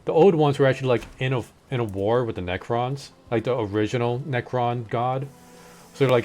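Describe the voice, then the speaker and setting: Over soft background music, a game streamer with a medium-pitched, slightly mellow voice chats at a moderate pace, meandering through long stretches of lore with plenty of fillers.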